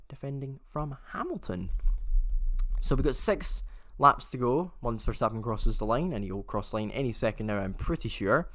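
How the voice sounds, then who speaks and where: A man's voice: mid-range voice, a bit bright, no echo, studio quality. Chatty man doing race commentary. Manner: chatty, often corrects himself mid-sentence. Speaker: host of a race watchalong. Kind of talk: live motor race commentary.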